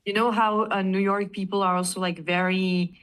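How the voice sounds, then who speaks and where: A woman with a French accent, chatting casually as a band vocalist in an interview, animated and laughing often. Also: mid-range voice, normal speed. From France.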